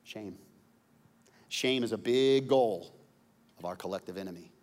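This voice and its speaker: A man preaching a sermon as a pastor, conversational, stumbling over repeated words and building to loud emphasis. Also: lowish voice, unhurried. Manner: conversational, repeats words when searching, jokes and laughs, climbs to shouting. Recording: long hall reverb.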